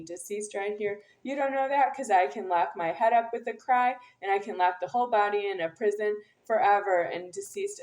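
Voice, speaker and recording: This is a woman with a voice of ordinary, middle pitch, talking to the camera without a script. She speaks intensely and repeats herself as she turns to an unseen listener and addresses them directly. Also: a little mellow. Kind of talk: unscripted monologue to camera.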